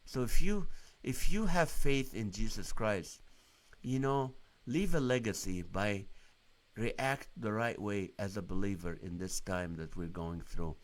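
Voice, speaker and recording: A man's voice: on the low side, a little slow. A man hosting a live Christian stream, preaching earnestly and asking his viewers many rhetorical questions.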